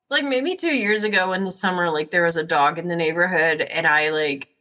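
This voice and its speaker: Chatty, bright-voiced woman swearing freely. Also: lowish voice, moderate pace. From Northern New York. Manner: rambling, swearing, animated storytelling. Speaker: podcast host. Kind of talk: casual chat.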